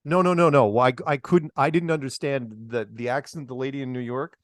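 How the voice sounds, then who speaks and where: A man's voice: mid-range voice, steady tone, a little fast, no room sound, studio quality. A middle-aged man hosting a call-in show in a casual, chatty way, laughing often and stumbling over repeated words. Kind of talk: casual radio call-in chat.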